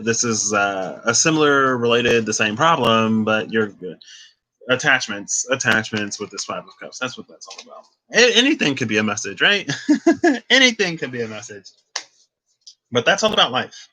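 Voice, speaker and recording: A young man talks his way through a tarot reading, circling back and restarting his thoughts as he goes. His voice is bright and forward, set at a middle pitch. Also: animated, moderate pace. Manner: rambling, restarts phrases, thinks aloud. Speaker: tarot reader. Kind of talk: casual spoken tarot reading.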